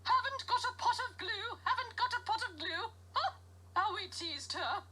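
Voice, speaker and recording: A woman's voice: very high-pitched, lively intonation, normal speed, sharp tone, slight background noise, full character voice. An actress playing a refined, teasing older English lady in a mystery game. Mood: amused. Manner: refined, teasing, theatrical laughter. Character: genteel older English lady, fond of rhymes.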